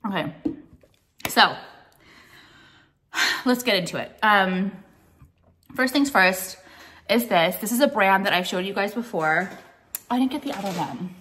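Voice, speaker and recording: A woman's voice: mid-range voice, lively intonation, unhurried, long pauses, a bit bright, slight background noise. A young adult woman vlogging in a casual, blunt rant, opinionated and full of swearing and "like". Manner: blunt, profane, opinionated, heavy use of "like".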